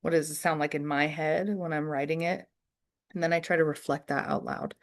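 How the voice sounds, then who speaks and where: A woman leading an online poetry workshop, answering questions slowly and thoughtfully with many fillers. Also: low voice, steady tone.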